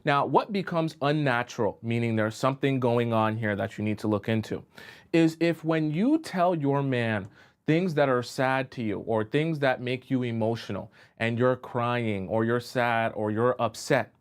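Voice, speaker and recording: A man's voice: mid-range voice, moderate pace, clear, resonant tone. A man speaking as a relationship coach, in the easy flow of an advice live stream. He works through his point with examples and keeps stopping to ask whether listeners are following him. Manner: keeps checking in with listeners, asking if they follow.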